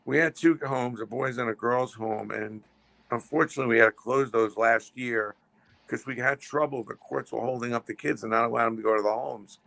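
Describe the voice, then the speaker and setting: A man telling stories as a podcast guest, fast and full of restarts and repeated words. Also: mid-range voice, gravelly, a bit bright, no room sound. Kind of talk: casual storytelling.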